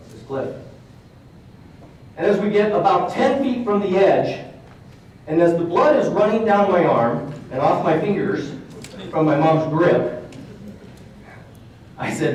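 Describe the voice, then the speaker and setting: A man's voice: fairly high pitch, darkish tone. Male conference speaker, earnest and conversational, recorded from a distance in a very echoey hall with a faint hiss. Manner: earnest, conversational storytelling with emphatic repeats. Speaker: motivational speaker. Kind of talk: storytelling keynote talk. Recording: roomy hall sound from off mic.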